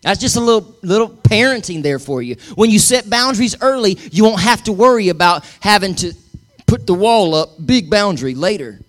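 A man's voice: high-pitched, animated, fairly quick. A middle-aged male pastor preaching a sermon, emphatic and calling on the congregation to repeat after him. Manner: emphatic, calls for congregation responses.

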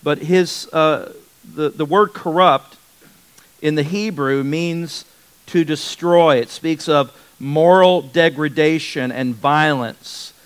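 A man leads a Bible study in a relaxed, conversational teaching style, his somewhat high voice smooth and resonant. He takes his time, often restarts sentences, and repeats key words for emphasis. The audio quality is poor.

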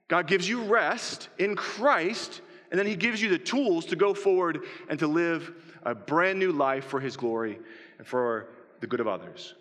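Bright-voiced male pastor in a reverberant church. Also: sits high. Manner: rhetorical questions to the congregation. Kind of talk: sermon. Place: church sanctuary. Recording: long reverb of a church hall.

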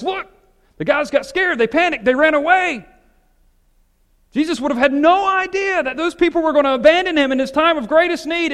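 A man, a pastor, preaching a sermon with emphatic, animated delivery that swings between loud and soft. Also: sits high, long reverb tail.

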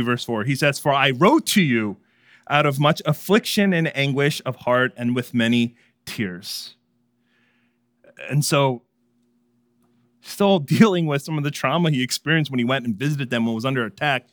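A man's voice: medium pitch, no echo, studio quality. A man preaching a sermon in a conversational, humorous way, with frequent asides and chuckles. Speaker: pastor.

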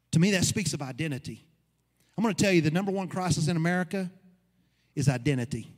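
A man's voice: a little high, expressive, quick pace, long pauses. A man preaching a sermon as pastor, building to emphatic peaks. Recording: long reverb of a hall.

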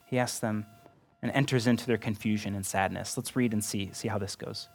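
A man preaching a sermon as pastor, earnest and conversational, often turning to the listeners with a quick "right?". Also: fairly low pitch, steady tone, gravelly, breathy edge, soft background music.

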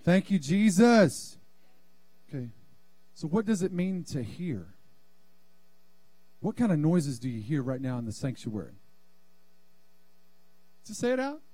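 High-voiced fervent male preacher. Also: sing-song, measured pace, long pauses, warm tone, no room sound. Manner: fervent preaching, calls on the congregation to respond. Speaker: pastor. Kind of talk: sermon. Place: church sanctuary.

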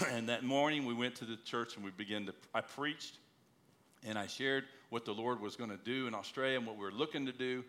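Earnest bright-voiced male preacher. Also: mid-range voice, a little fast. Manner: earnest storytelling, rising to emphatic exhortation. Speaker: missionary preacher. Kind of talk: sermon with personal story.

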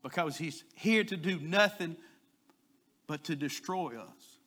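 A man preaching a sermon, telling a folksy story and pushing louder on his key points. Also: fairly high pitch, slow.

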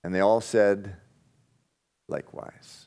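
Guy preaching a sermon, voice jumps all over, gets loud then drops real quiet. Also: medium pitch, a little slow. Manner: animated, swings from loud bursts to quiet intensity. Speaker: pastor.

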